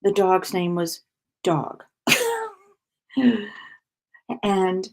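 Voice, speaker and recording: A woman's voice: lowish voice, level tone, drawn-out words. A woman chatting casually while cross-stitching on a livestream, talking freely, laughing often and greeting viewers by name. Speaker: crafting livestream host.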